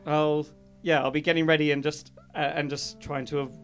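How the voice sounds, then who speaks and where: A man's voice: on the high side, flat delivery, normal speed, faint music behind, close to an everyday voice. Man putting on a frazzled, nervous woman. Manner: hesitant, nervous laughter.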